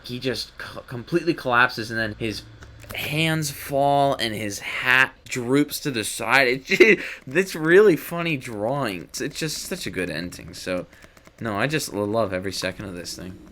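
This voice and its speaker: A man's voice: lowish voice, pushed and bright. A man co-hosting a cartoon review, talking with enthusiasm and stammering as he restarts. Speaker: co-host. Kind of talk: casual review chat.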